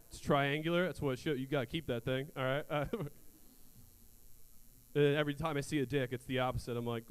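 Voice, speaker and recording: A man's voice: medium pitch, steady tone, a little fast, clean tone. A young man doing a stand-up comedy set on a theater stage, crude and self-mocking in a loose, conversational way.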